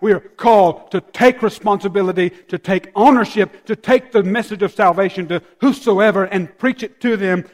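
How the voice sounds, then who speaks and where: Man, preacher, sermon, high voice, emphatic swings from loud to hushed, long hall reverb. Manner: emphatic, rising and falling dynamics, dropping to near-whispers.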